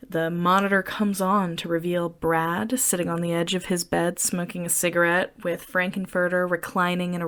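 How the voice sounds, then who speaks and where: A woman's voice: fairly low pitch, a bit bright. A woman co-hosting a podcast, recapping a film scene in casual, dry, wry chat. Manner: dry, wry storytelling with acted-out quotes. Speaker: podcast co-host.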